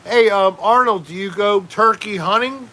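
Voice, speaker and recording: A man's voice: sits high, moderate pace, sharp tone. A man hosting a casual home livestream, rambling and joking while reading out chat names. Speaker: livestream host.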